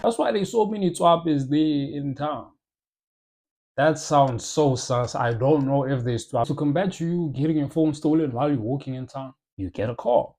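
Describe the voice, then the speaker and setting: Young South African man, mellow voice. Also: on the high side, normal speed. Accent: South African English. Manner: animated storytelling with slang and loud jokes. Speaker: comedy YouTuber. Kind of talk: comedic monologue vlog.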